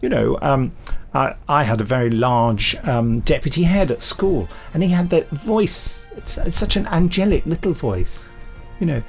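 A man's voice: on the high side, expressive, normal speed, gravelly, hardly any pauses, faint music behind. A man co-hosting a podcast, chatting casually and telling anecdotes with little impressions of other people. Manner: chatty anecdotal storytelling with mimicry. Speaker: podcast co-host. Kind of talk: casual chat.

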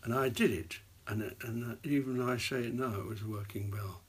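An older man, an actor, telling rambling anecdotes in an interview and dropping into hushed asides. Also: mid-range voice, steady tone, moderate pace, breathy edge. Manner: rambling storyteller, drops to hushed whispers for asides. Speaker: actor guest.

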